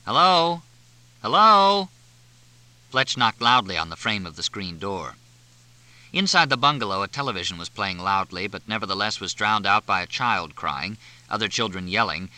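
A man narrating an audiobook in a measured, expressive way. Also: sits low. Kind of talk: scripted narration.

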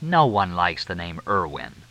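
A glib, wisecracking male journalist read by a man in an audiobook. His delivery is bright and lively, full of flip, deadpan quips. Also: sits low, unhurried, lo-fi sound, exaggerated voice. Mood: wry.

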